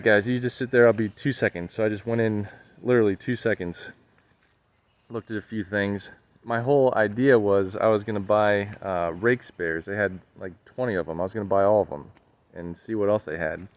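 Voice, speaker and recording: Male vlogger, lowish voice, fed-up rant straight to camera, lots of ums and restarts. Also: no room sound. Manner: exasperated, repetitive, many fillers and restarts.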